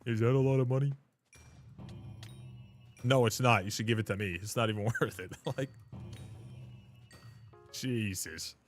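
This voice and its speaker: A man's voice: medium pitch, measured pace, long pauses, faint music behind. A young man, telling a rambling, profane story while streaming a game. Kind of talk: casual livestream chat.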